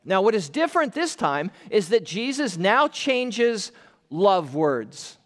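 A male pastor preaching an earnest, emphatic sermon, slowing down to stress key phrases and dropping his voice for weight. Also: high-pitched, a bit bright. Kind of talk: expository sermon. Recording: long reverb of a large hall.

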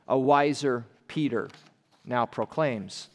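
A male pastor preaching an earnest, emphatic sermon, slowing down to stress key phrases and dropping his voice for weight. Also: high-pitched, very animated, fairly bright tone. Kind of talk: expository sermon. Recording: long reverb of a large hall.

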